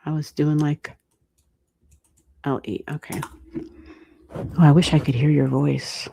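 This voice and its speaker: An American woman giving astrology readings on a livestream, thinking aloud and chatting with viewers in a relaxed way, with the odd swear word. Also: deep voice, slow pace, vocal fry, husky. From United States. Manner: thinks aloud, talks to chat, mild swearing. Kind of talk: casual livestream chat.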